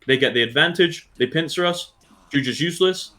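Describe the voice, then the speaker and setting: A man's voice: a little high, brisk, sharp tone. A man coaching his esports team through a match review, direct and blunt, swearing freely and checking in with his players often. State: has the hiccups.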